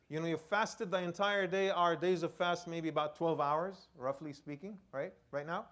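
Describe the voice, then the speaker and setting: A male imam preaching a sermon and telling a personal story, swinging between loud outbursts and hushed, low lines.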